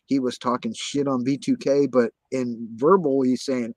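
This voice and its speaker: A man's voice: medium pitch, steady tone, normal speed, few pauses, a little mellow, dry recording. A man telling his story in casual conversation, agitated and profane, insisting on the same points again and again.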